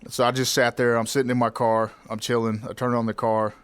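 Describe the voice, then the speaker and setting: A man hosting a podcast, telling a personal story in a reflective, candid way with halting restarts. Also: mid-range voice, level tone, smooth, no echo. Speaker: podcast host.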